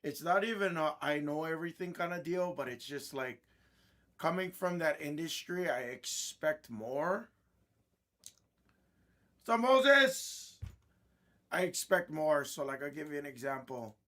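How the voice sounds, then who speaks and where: A man, a host of a card-breaking stream, telling a blunt, irritated story in casual chat, clearing his throat often. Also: fairly high pitch, animated, normal speed, pushed and bright.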